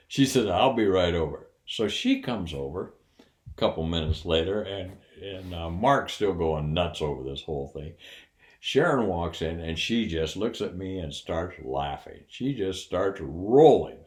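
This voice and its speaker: A man's voice: deep voice, lively intonation, measured pace, darkish tone, echoey room. An older man casually telling a funny personal story, acting out the other people's voices and laughing along as he goes. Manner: folksy, laughs while telling.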